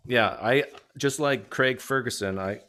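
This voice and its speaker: A man's voice: mid-range voice, pushed and bright. A man hosting a livestream, chatting casually with viewers and cracking rambling jokes. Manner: joking, rambling, quick asides. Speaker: livestream host.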